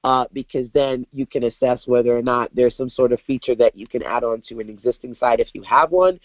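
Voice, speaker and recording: A woman from Brooklyn hosting an online business workshop, coaching with animated, emphatic rhetorical questions over a video call mic. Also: very deep voice, no room sound, dull audio. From Brooklyn, New York.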